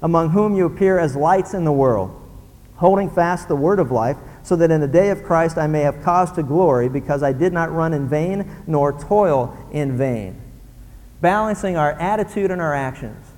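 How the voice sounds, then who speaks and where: A male pastor preaching a sermon in an animated way, acting out grumbling voices. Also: fairly high pitch, normal speed, big-room sound.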